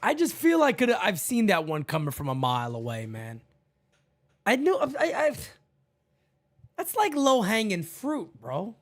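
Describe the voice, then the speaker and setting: A man hosting a casual live fan chat stream, bantering loudly with viewers and swearing as he laughs. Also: high voice, huge pitch swings, measured pace.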